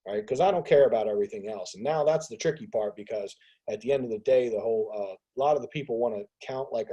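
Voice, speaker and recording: Man, video call host, casual rant, raspy, mellow dark tone. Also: medium pitch, poor audio. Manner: animated ranting, acts out others' voices. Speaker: host of a business mastermind call. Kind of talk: casual group call monologue.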